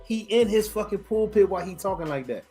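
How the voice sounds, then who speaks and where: Brief: forties male podcast host, lively swooping delivery, cusses freely, exasperated commentary. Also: sits high, fast, faint music behind. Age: 40s. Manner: profane, exasperated, animated.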